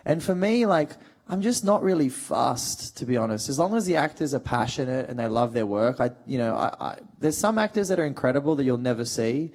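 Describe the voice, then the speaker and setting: A man's voice: medium pitch, darkish tone. A jokey man in his thirties, chatting loosely with fans at a panel. He rambles and goes off on tangents, with a mid-range voice. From Australia. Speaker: actor guest on a fan panel. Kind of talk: casual panel chat.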